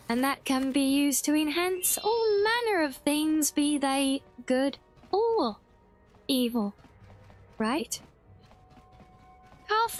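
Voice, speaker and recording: High-pitched giggly woman streamer. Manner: giggly, bubbly, chatty with chat. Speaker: livestreamer. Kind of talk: casual game-stream chat.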